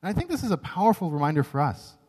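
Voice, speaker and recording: A man's voice: a little high, sing-song, very fast, mellow. A man preaching a sermon, earnest and emphatic, often checking in with "right?". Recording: long reverb of a large hall.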